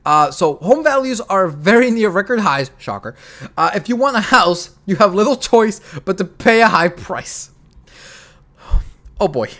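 A man hosting a casual finance podcast, talking in an animated, emphatic way and often repeating his phrases. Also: sits high, moderate pace. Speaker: show host.

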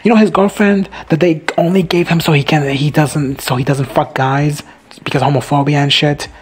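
A man casually recapping a TV episode, rambling, swearing and excitable. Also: a little high, moderate pace, husky. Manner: rambling, profane and excitable, often laughing. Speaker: video host reacting to a TV show.

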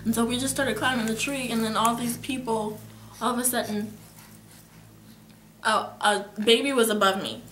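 A teenage girl telling a vivid dream in casual storytelling, her voice dropping to whispers and rising to near-shouts. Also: fairly high pitch, fairly even intonation, normal speed, long pauses, slight background noise. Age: teens. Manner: emotional, swings between whispers and near-shouting. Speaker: guest sharing a dream. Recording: echoey room.

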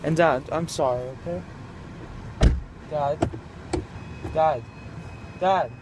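A high-voiced man rants into his phone camera, taunting and swearing at someone. His voice rides over loud traffic noise. The talk is raw and angry. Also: very slow. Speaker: vlogger. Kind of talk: ranting vlog to camera.

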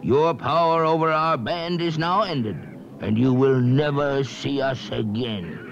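A man's voice: medium pitch, a little slow, creaky. A man voicing the grave, dutiful leader of the winged monkeys on a vintage storybook record, with solemn, formal speech. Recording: dull lo-fi vintage record with hiss.

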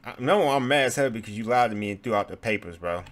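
A man's voice: fairly low pitch, animated, fast talker, soft background music. Rowdy young man doing game commentary. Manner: laughing, rowdy slang. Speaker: gaming streamer. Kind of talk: casual gameplay commentary.

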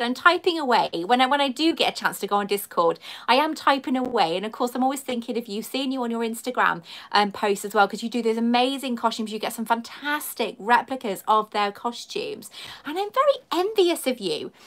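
A woman with a fairly high voice, talking on a live stream. She is effusive and chatty, warmly greeting viewers as she goes. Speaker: YouTuber and collector.

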